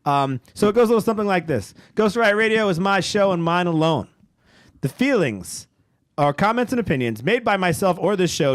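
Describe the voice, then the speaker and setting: A man's voice: high-pitched, dry recording. A man hosting a podcast, reading a cannabis news roundup in a loose, joking way and swearing freely. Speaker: podcast host. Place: podcast studio.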